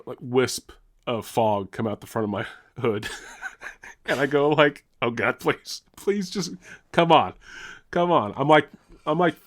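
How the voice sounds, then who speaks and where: A young man co-hosting a podcast, telling a long story in casual chat, rambling, restarting, swearing and laughing as he goes. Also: medium pitch. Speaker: podcast co-host.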